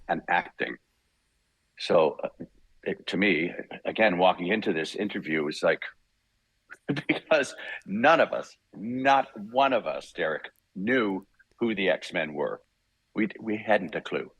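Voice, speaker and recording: Husky older man telling lively stories. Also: low-pitched, a little slow, no room sound. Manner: animated anecdotes, acting out voices, laughs often. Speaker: guest voice actor. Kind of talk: casual interview storytelling.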